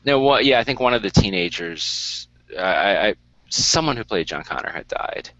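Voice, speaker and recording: Brief: joking male web-show co-host, lowish voice, forward bright tone, dull lo-fi line. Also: lively intonation, normal speed, no room sound. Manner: easygoing, joking, chuckles often. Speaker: podcast co-host. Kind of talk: casual chat, reading viewer comments. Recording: slightly dull lo-fi web call.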